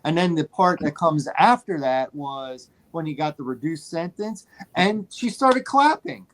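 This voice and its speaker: A man co-hosting a casual movie podcast, telling a story in an animated way and repeating phrases for emphasis. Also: fairly high pitch, measured pace. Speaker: podcast co-host.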